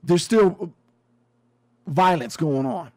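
A man's voice: a little high, slow, darkish tone. A man giving a casual commentary monologue, sarcastic and emphatic, often repeating his phrases.

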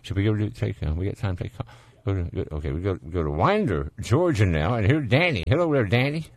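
A man with a Southern US accent hosting a call-in radio show, folksy and quick to laugh. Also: lowish voice, big pitch swings, no room sound. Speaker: radio talk show host. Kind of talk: casual call-in chat. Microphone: studio microphone.

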